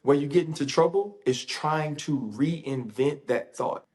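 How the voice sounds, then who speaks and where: A man's voice: a little high, a little slow, darkish tone. A man, a sports analyst, talking casually and emphatically in an interview, repeating phrases for effect.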